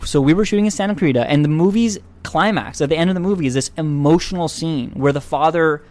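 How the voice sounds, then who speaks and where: A young man, a guest filmmaker, telling a story in casual conversation, animated and laughing, acting out voices. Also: fairly high pitch, fast.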